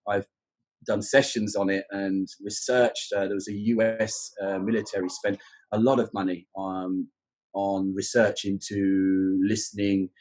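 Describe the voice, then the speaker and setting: A man's voice: on the low side, a little mellow. A man from southern England with a London accent, chatting in a casual podcast conversation about teaching exams, full of fillers and restarts. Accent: southern English, London. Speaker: guest, exam teacher.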